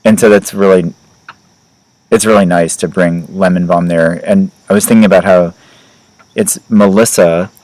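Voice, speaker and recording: A man with a very low voice hosts a casual podcast chat. He rambles loosely and fills his sentences with "like" and "you know". Light laughs come between his points. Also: fairly even intonation, normal speed, a little mellow, poor audio. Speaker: astrology podcast host.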